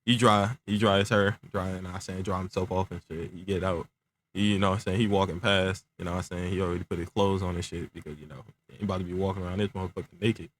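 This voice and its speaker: A man's voice: low voice, fairly even intonation, fast, a little hiss or hum. Laid-back young man telling a story. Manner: laid-back slang, constant filler phrases, stuttering. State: talking around clear aligners. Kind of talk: casual improvised storytelling.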